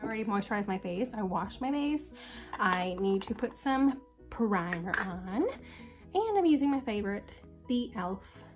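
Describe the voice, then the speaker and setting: A woman's voice: mid-range voice, expressive, moderate pace, music in the background. Young woman doing a makeup vlog, stuffy sick voice, bubbly and chatty. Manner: chatty, upbeat, hyper. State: sick, congested. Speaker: beauty vlogger. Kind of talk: casual makeup tutorial chat.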